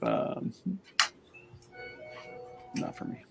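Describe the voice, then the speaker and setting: A man's voice: extremely slow, darkish tone, faint music behind. A man chatting casually on a model-building livestream, laughing often and talking bluntly and crudely. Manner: laughing, blunt and crude, pitch jumps around. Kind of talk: casual chat.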